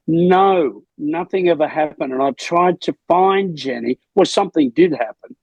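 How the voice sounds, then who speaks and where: Gravelly older man telling stories. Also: fairly high pitch, moderate pace, dry recording, highs cut off. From Australia. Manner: rambling, animated anecdotes. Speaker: lead singer, interview guest. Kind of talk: casual storytelling interview.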